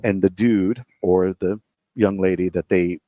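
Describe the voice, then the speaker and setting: Brief: man, deep voice, dry close mic, supportive co-host who keeps agreeing. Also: fairly even intonation, unhurried, mellow, no room sound. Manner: frequent short agreeing interjections. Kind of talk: casual talk radio chat.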